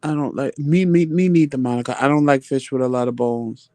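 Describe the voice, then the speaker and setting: A man hosting a casual live chat, answering viewer comments with animated, profane storytelling. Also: mid-range voice, fairly quick, no echo. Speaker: livestream chat host.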